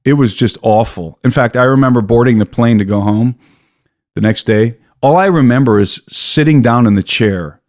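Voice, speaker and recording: An American man, a podcast guest, telling a story in an animated way, often breaking off and restarting his sentences. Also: mid-range voice, moderate pace, no echo, clean studio sound. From United States. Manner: animated, self-interrupting storyteller. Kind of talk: casual storytelling.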